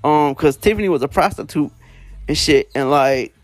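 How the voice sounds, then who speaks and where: A man's voice: fairly high pitch, moderate pace, no room sound. A man casually retelling prison stories, rambling with lots of fillers and slang. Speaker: storyteller.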